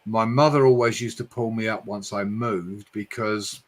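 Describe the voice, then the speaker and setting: A man with an accent that mixes Essex and London, hosting a late-night live stream in a chatty way and speeding up when he gets excited. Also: lowish voice, normal speed, slight background noise. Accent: mix of Essex and London English. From Hertfordshire, England. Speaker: livestream host.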